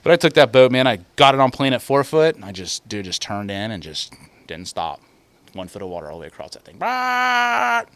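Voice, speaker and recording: A man with a low, dry voice tells a fishing story in loose, rambling chat, swearing freely as he goes. He talks as a podcast guest, recorded close with almost no room sound. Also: fast talker, fairly bright tone, no room sound. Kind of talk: casual chat. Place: lives in Florida.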